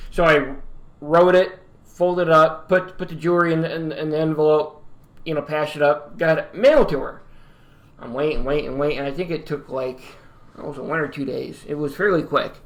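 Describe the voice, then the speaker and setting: A young man from upstate New York telling a personal story in a casual vlog, rambling and halting with many fillers and restarts. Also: on the high side, a bit bright. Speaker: YouTuber.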